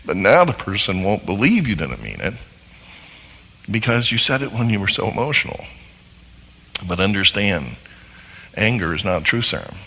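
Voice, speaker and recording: Man, live seminar talk, animated, gravelly, lively pitch, long hall reverb. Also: normal speed, long pauses. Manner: animated, acts out little dialogues. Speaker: seminar speaker on marriage. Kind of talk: live teaching talk to an audience.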